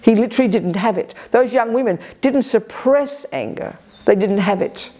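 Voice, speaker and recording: A woman teaching at a Buddhist retreat. She talks in a sharp, energetic, emphatic way and often breaks off to restart her sentences. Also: on the high side. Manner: quick restarts and self-corrections. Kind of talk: retreat dharma talk. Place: retreat center.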